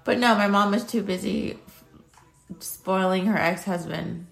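A woman's voice: medium pitch, unhurried, creaky, faint music behind. A young woman vlogging at home, talking in a blunt, ranting way and swearing freely. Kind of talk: casual chat.

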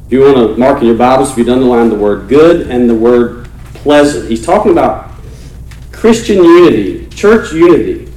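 A man's voice: mid-range voice, animated, moderate pace, warm tone, recorded from a distance. A man preaching a conversational sermon to his congregation as their pastor, earnest and repeating words as he restarts phrases. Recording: roomy church echo, faint noise.

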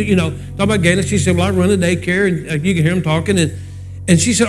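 Older male pastor, 60s, high-pitched and homespun, preaching over soft music. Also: quick pace. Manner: folksy, conversational storytelling. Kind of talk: sermon with storytelling and prayer.

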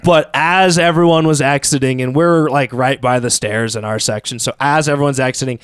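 A man's voice: medium pitch, fairly even intonation, normal speed, smooth, dry recording. A man co-hosting a casual sports podcast, speaking earnestly as a fan. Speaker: podcast co-host.

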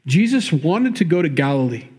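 Husky-voiced preacher man, wry asides. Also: on the high side, sing-song, moderate pace, darkish tone. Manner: wry, joking asides, acts out Bible quotes in raised voice. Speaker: pastor. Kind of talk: sermon.

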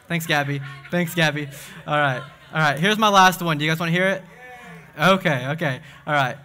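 Excitable young preacher, bright voice. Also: male voice, a little high. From Tennessee. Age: young adult. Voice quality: speech impediment. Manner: excitable, fast, self-deprecating. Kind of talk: casual sermon with jokes.

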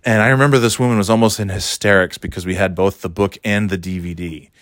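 A low-voiced man rambles through a solo podcast, sarcastic and swearing freely. He talks into a phone as he paces, and the sound is dry and close. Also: steady tone, quick pace, a bit bright, no room sound. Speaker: podcast host. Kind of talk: casual solo podcast monologue. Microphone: phone held while walking.

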